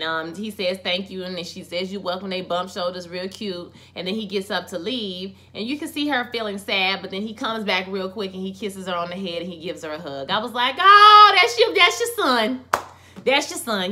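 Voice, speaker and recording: A woman giving a casual, animated recap of a TV episode, full of sassy asides to the characters. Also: mid-range voice, fairly quick, hardly any pauses. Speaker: TV episode reviewer.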